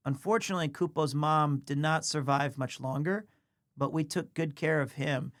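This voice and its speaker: A man's voice: fairly high pitch, normal speed, fairly bright tone. Streamer type, man, easygoing chatty storyteller, keeps cooing at his pet mid-story. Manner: rambling anecdote, stops to coo at his cat. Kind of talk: casual livestream chat.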